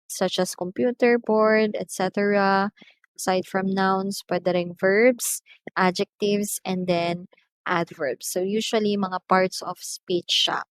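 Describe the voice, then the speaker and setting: A woman's voice: mid-range voice, dry recording, low-quality recording. A woman with a Filipino accent, an English teacher giving a recorded lecture, stressing words to show pronunciation and slipping into Tagalog asides.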